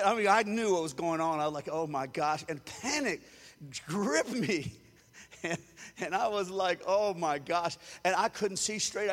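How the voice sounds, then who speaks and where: A man's voice: high-pitched, a bit bright, big-room sound. A man from Louisiana, preaching a sermon as a storyteller who acts out the quotes and chuckles often. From Louisiana, USA. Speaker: pastor.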